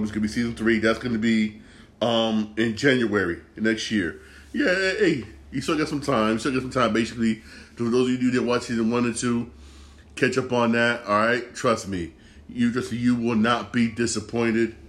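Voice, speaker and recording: A man's voice: mid-range voice, a little hiss or hum. Rambling slangy man talking sports and TV. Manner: rambling, repeats himself, slangy and profane. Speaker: podcast host. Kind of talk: casual solo commentary.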